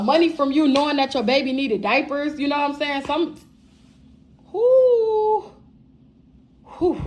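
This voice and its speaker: A woman giving a channeled tarot reading, blunt and profane. She talks straight to her viewers as "y'all" with plenty of emphasis. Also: high-pitched. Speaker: tarot reader.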